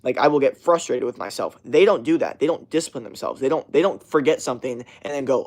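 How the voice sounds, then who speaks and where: A man's voice: medium pitch, animated, fast, few pauses, a little mellow. A young man streaming a casual rant to his chat, swearing constantly and rambling with many fillers and restarts.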